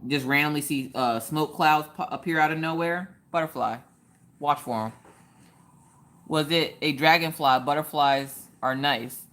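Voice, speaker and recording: A woman's voice: deep voice, measured pace, a bit bright. A woman hosting a casual craft live stream, joking around and answering viewers in the chat by name.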